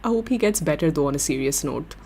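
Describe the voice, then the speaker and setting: A young woman hosting a livestream, chatting with viewers in an excitable, giggly way. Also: low voice, fast, a little hiss or hum. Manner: excitable, giggly, gushing fan talk. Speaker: livestream host. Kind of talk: casual chat with viewers.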